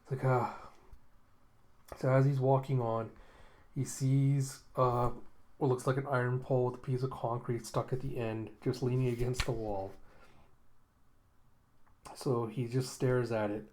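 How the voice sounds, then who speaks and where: A man's voice: mid-range voice, little pitch movement, measured pace, pauses often, darkish tone, slight background noise. A man hosting a casual manga readthrough, rambling with lots of fillers and chuckles. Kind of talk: casual reading commentary.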